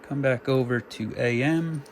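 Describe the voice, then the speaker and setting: A man's voice: medium pitch, measured pace, a little hiss or hum. A man casually demonstrating a radio, talking through his settings and counting test words into the mic. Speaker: radio equipment reviewer. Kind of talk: casual demo talk.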